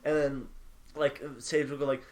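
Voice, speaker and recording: A man co-hosting a casual gaming podcast, animated and laughing as he acts out game voice lines. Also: mid-range voice, moderate pace. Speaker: podcast co-host. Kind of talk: casual chat.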